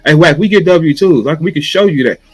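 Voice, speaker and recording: A battle rapper from St. Louis goes off in a profane, mocking rant, his voice sitting a touch high for a man. He taunts his target and slips into a droning imitation of a chant. Faint music runs underneath. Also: lively intonation, a little fast, slightly rough, poor audio. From St. Louis, USA.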